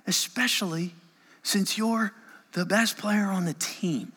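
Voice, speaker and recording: A pastor delivers a storytelling sermon, his voice moving from near-whispers to raised, urgent peaks. His tone is bright and slightly high for a man. A long reverb trails every phrase, as if the recording was made in a large sanctuary. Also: sing-song, very slow, long pauses. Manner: storytelling with big swings between hushed and raised passages.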